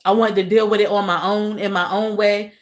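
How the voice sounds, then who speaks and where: A woman's voice: mid-range voice, little pitch movement, brisk. Woman livestreaming, emotional and repetitive. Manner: repeats phrases, talks to chat as y'all; soft, emotional. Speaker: livestream host. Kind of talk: casual livestream chat with viewers.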